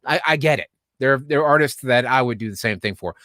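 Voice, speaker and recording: A man hosting a podcast livestream, telling a story in a casual, animated way, laughing often and acting out the voices of the people in it. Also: medium pitch, a little fast, no room sound, studio quality. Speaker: podcast host.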